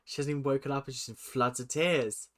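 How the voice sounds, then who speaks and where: A man's voice: medium pitch, fairly even intonation, fast talker, fairly bright tone. A British man chatting casually as he reacts to a show, laughing and mimicking lines he hears. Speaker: reaction video host.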